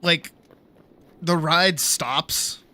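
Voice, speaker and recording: A man's voice: a little high, very slow, bright, forceful tone, slight background noise. A young man streaming a game, telling a story in a rambling, laid-back way, swearing freely and saying "like" a lot. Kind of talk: casual storytelling while gaming.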